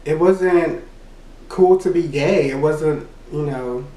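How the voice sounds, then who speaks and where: A man's voice: a little high, slow pace, mellow. A young man from Louisiana, telling a candid personal story and rambling with lots of "you know". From Louisiana, USA. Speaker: vlogger. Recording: roomy echo, mic set far off.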